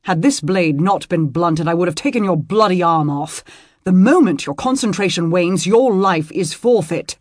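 A man voicing a stern medieval lord and knight, gruff and commanding. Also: a little high, expressive, moderate pace, no echo, studio quality. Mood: scolding. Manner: gruff, forceful when scolding.

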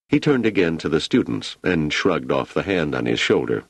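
A man reading a story aloud in a steady, measured voice as an audiobook narrator, recorded on a close microphone. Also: very deep voice, gravelly, husky, no echo. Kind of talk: scripted narration.

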